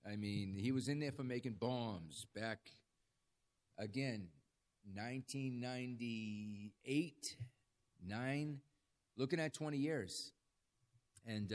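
A man who has ministered in a jail for decades, preaching a casual, folksy sermon full of stories and calls for "amen.". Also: mid-range voice. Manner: folksy storytelling, calls for amens. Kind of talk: conversational sermon.

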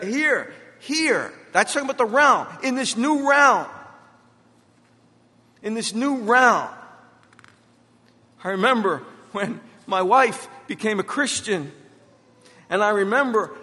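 A middle-aged pastor delivering a sermon, repeating key phrases and telling stories about his own life. His voice sits high and bright, with a forceful edge. The sound rings out with the long reverb of a church hall. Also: very animated, takes it slowly, pauses often. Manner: preaching with emphatic repetition and storytelling.

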